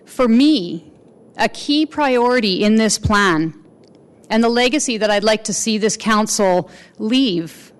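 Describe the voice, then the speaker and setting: A woman giving a formal public address as a mayor, speaking in an earnest, measured way with pauses between phrases. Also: a little high, animated.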